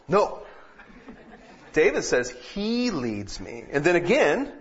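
A man preaching a sermon, moving from calm teaching to loud, emphatic peaks. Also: fairly high pitch, slow, long pauses, highs cut off. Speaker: pastor.

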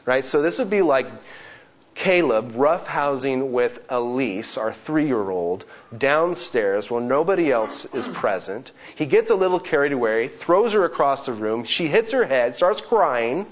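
Pastor guy in his thirties preaching, earnest with lively asides, kinda muffled lo-fi sound. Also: medium pitch, measured pace. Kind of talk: sermon. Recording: slightly dull lo-fi sound.

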